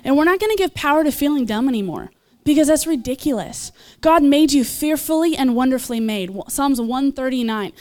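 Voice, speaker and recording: High-voiced woman preaching an altar call. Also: lively intonation, fairly quick, hardly any pauses, a little mellow. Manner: earnest, encouraging, with small laughs and asides. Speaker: preacher leading prayer ministry. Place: church gathering.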